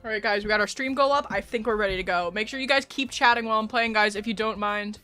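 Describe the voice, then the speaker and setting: A woman livestreamer in casual, chatty talk with her viewers as she plays a game, swearing and joking, with sudden shouted outbursts. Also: medium pitch, fast talker. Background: faint background music.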